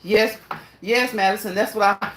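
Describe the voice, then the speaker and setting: A woman's voice: medium pitch, fairly even intonation, moderate pace, a bit bright, echoey room, a little hiss or hum, low-quality recording. A woman vlogging as she exercises indoors on a machine, a little winded, repeating herself and encouraging viewers. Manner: repetitive, encouraging, laughs often. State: slightly winded. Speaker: fitness vlogger. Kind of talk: casual talk while exercising.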